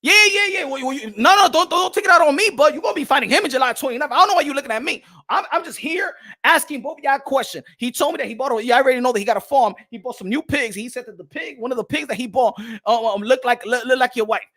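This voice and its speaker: A high-pitched man with a bright, sharp voice rants loudly about boxing as a channel host. He repeats himself often and tosses in "huh?" between lines. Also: fast talker. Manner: loud, repetitive, trash-talking, keeps asking "huh?". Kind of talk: casual rant to camera.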